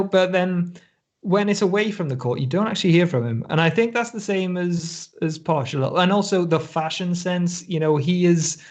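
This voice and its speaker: Giggly man with a higher voice. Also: darkish tone. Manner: rambling, laughs often, many restarts. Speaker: podcast co-host. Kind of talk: casual chat.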